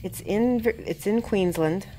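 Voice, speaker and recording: A woman host chatting excitedly on a live stream as she shows off a miniature she is painting. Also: medium pitch, unhurried, faint music behind. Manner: chatty and excitable, often laughing. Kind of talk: casual live-stream chat.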